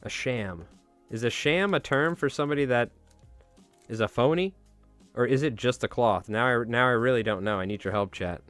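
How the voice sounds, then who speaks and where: A man's voice: mid-range voice, moderate pace, a bit bright, no room sound, soft background music. A man chatting casually on a live stream while tying flies, rambling and joking at his own expense. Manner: rambling, self-mocking, joking.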